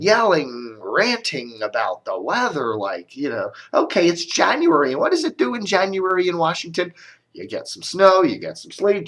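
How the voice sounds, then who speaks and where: A man's voice: fairly high pitch, fairly bright tone. A man giving a casual, rambling media commentary, grumbling and sarcastic, with coughs and restarts. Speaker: media blogger doing a video commentary.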